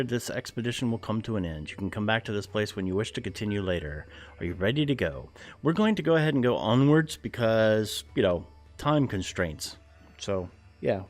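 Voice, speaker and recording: Low-voiced man reading game text aloud. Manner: easygoing, thinks aloud with fillers, jokey asides. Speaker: let's play gamer.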